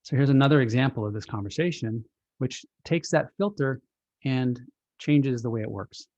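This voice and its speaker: A man presenting his book on a video call, explaining ideas in a relaxed, reflective way through everyday analogies. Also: mid-range voice, moderate pace, no echo. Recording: dull lo-fi video call audio.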